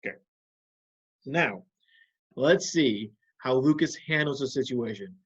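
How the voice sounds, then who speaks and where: Here a man with a husky, medium-pitched voice talks a little slowly, though the recording sounds muffled. He's teaching children a video lesson on calming down, gently prompting them with questions.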